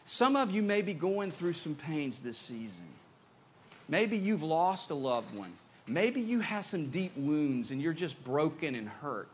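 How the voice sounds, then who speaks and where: Animated man preaching. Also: fairly high pitch, slight background noise. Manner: animated, conversational, repeats words. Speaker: pastor. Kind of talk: sermon.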